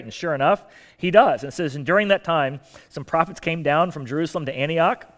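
Pastor type, male, slightly higher voice, casual teaching sermon with light humor and punchy emphasis. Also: fast. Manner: conversational teaching with asides and humor; animated, shifts loudness for emphasis.

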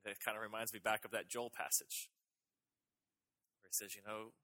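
A man's voice: lowish voice, level tone, normal speed, pushed and bright. A middle-aged male pastor preaching a sermon, emphatic and repetitive, pressing his main points again and again. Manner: emphatic, repetitive preaching with rising intensity on key phrases.

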